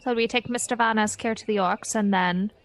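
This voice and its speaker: A woman's voice: mid-range voice, fairly even intonation, a little fast. A woman playing a tabletop game, speaking in short matter-of-fact lines. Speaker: player. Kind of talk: in-character tabletop play.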